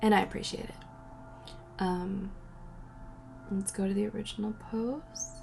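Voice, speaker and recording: Young woman, home Q&A vlog, rambly and giggly, drops to whispers, vocal fry, faint room noise. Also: medium pitch, steady tone, a little slow. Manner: rambling, giggly, self-interrupting, often trailing into soft whispers. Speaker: vlogger answering viewer questions. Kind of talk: casual solo Q&A chat. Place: at home by a window.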